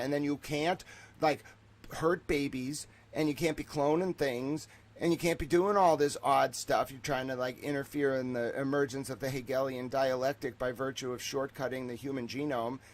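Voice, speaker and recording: Excitable rambling man streamer. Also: mid-range voice, normal speed. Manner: excitable, digressive, shifts between loud and mumbled. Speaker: streamer host. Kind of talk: rambling monologue.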